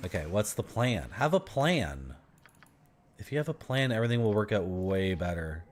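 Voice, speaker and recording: A man's voice: fairly low pitch, very animated, moderate pace, slight background noise. A man in his thirties giving casual, rambling commentary as he streams a game, chatting to his viewers and laughing often.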